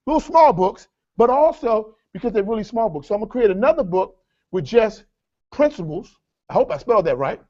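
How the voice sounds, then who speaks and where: A man leading a live workshop seminar, energetic and repetitive, with a preacher-like cadence as he addresses the audience as folks. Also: high voice, a little fast, lo-fi sound. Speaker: workshop speaker.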